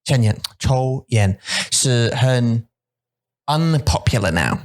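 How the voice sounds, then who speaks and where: A man's voice: mid-range voice, lively intonation, takes it slowly. A man hosting a podcast in casual bilingual chat, rambling and playful with many restarts. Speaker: podcast host.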